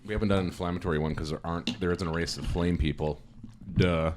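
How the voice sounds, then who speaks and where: A man co-hosting a casual podcast chat, quick with jokes. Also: low-pitched, very noisy. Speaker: podcast co-host.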